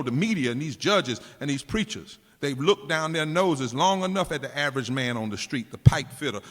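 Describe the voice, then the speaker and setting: A man's voice: fairly high pitch, a bit bright. A man impersonating a fiery 1960s segregationist politician and bellowing a rally speech with bombast. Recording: long hall reverb.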